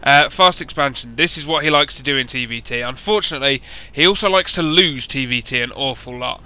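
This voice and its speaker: A young man hosting and commentating a video game match in a chatty, rambling way, with dry self-mocking humour and a slightly hoarse voice. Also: medium pitch, fairly quick, bright, forceful tone, rough recording.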